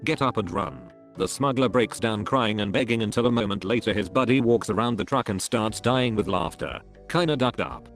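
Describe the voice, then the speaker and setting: A man with a low voice reads anecdotes aloud as scripted narration, keeping a steady, even delivery from line to line. Soft background music plays faintly under him. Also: a little fast, hardly any pauses. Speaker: narrator reading online posts.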